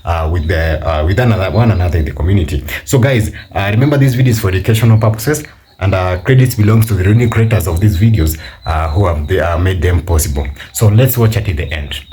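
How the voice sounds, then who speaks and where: A man hosting a commentary channel, introducing the clips with many pauses and fillers. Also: deep voice, dark tone, slight background noise. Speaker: channel host. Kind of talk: casual intro to viewers.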